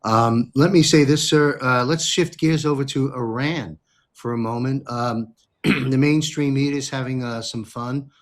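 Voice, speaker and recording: A man's voice: medium pitch, unhurried. A man from the United States hosting an interview, asking long questions with many fillers and repeats. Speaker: host.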